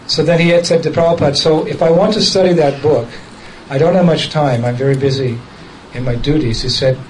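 A man's voice: on the high side, a little fast, a little mellow, slight background noise, poor audio. A man casually telling a story from his past, often chuckling and quoting the people in it directly. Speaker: devotee recounting a memory.

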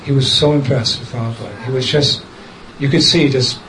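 A man's voice: medium pitch, steady tone, fairly quick, a bit bright, a little hiss or hum, poor audio. Man chuckling through a story. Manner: chuckles often while telling, quotes others directly. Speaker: devotee recounting a memory. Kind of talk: casual storytelling talk.

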